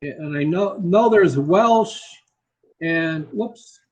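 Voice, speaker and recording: A man's voice: on the high side, lively intonation, slow, darkish tone, rough recording. A man who is a native English speaker, tutoring English in a casual conversation over a video call, emphatic and repeating his key phrases.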